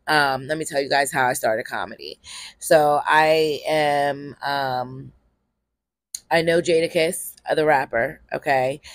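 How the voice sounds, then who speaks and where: A woman's voice: a bass voice, no echo. A woman from Pennsylvania, a comedian hosting her own podcast, talking candidly in a loose, rambling way, full of ums and casual cursing. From Harrisburg, Pennsylvania, US. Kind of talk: casual solo podcast monologue.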